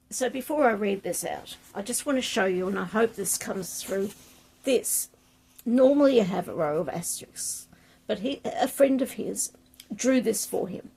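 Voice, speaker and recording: Aussie woman, book vlogger, keen and chatty when reading aloud; mellow, gravelly, breathy voice. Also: medium pitch. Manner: enthusiastic, chatty, reads passages with relish.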